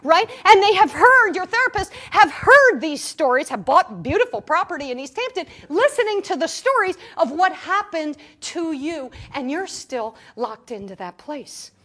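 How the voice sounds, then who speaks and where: A woman's voice: extremely high pitch, moderate pace, hardly any pauses. A woman spiritual teacher giving an inspirational talk to a live audience, telling stories playfully and often checking in with "right?". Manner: animated storytelling, playful, keeps asking "right?". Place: room with an audience.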